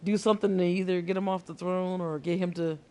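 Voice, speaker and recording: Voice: medium pitch, steady tone, fast, warm tone. A person commenting casually and jokingly on a video game.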